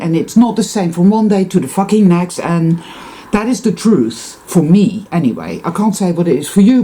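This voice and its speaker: A woman with a lowish, mellow voice that swings widely up and down as she rambles to her viewers. She swears freely and breaks off with heavy sighs, and her talk stays intense and unscripted. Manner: profane, intense, sighing. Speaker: spiritual vlogger. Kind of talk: rambling monologue to camera.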